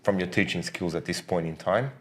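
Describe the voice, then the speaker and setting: Deep-voiced male podcast co-host. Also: fairly quick. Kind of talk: casual chat.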